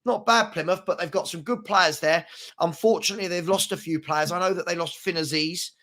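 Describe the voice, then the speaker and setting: A young man chats through a morning football livestream, reading viewer comments aloud. His voice sits slightly high and rings bright and forward. He rambles, stacks up repeated words, and jumps between topics. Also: a little fast. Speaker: host of a daily football livestream.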